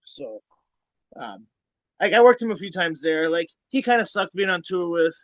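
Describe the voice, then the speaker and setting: Dude rambling thru old stories, swears a ton, kinda high voice, dry close mic. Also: male voice, moderate pace, dry recording, rough recording. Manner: profane, rambling, animated when telling stories. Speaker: podcast guest, former wrestler. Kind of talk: casual storytelling.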